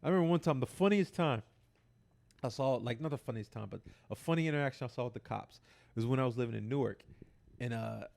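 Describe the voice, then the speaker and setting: A man co-hosting a podcast, telling stories in a casual, animated, profane way and acting out the dialogue in them. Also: mid-range voice, fast, creaky. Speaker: podcast co-host.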